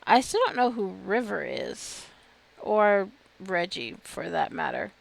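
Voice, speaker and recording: A woman giving casual, wry commentary while playing a game, chatty and quick to laugh. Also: mid-range voice, very animated, vocal fry. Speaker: game streamer. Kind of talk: casual let's-play commentary.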